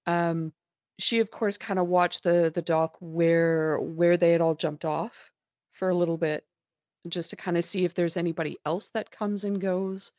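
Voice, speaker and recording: A woman's voice: fairly low pitch, fairly even intonation, a little slow, darkish tone, no echo, clean studio sound. A woman playing a tabletop game who describes her character's actions in a hesitant, chatty way. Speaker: player. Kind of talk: casual tabletop play.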